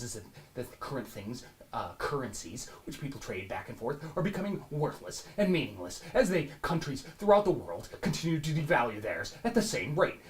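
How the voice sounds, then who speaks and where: In an improvised comedy monologue, a man plays a brash, foul-mouthed finance show host who rambles and brags. He lurches from loud, laughing shouts to low mutters.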